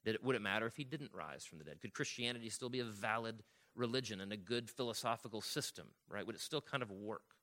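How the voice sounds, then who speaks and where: A man's voice: lowish voice, sharp tone. A man preaching a sermon as a pastor, reading scripture aloud and explaining it in an earnest, teaching manner that keeps checking in with the congregation. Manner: reads scripture aloud, slowing on key lines.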